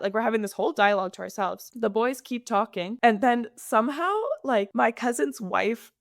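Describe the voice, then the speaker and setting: A woman co-hosting a casual chat, telling a story in an animated, sassy way with frequent laughs. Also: on the high side, normal speed, vocal fry, hardly any pauses, no echo, clean studio sound. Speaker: co-host.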